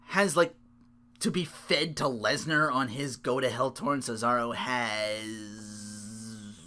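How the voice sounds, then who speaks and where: A man's voice: medium pitch, a bit bright. A tired man hosting a solo podcast, rambling and interrupting himself as he recaps. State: sleep-deprived. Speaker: podcast host.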